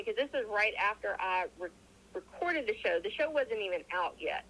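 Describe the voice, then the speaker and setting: A woman's voice: a little high, a little fast, low-quality recording. A woman recounts her experiences to a host in a loose, chatty way. She slips into the voices of the people in her story and often restarts her sentences. The sound is a little thin, like a call line. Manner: animated, acts out quoted dialogue, frequent restarts. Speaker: interview guest. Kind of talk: casual storytelling.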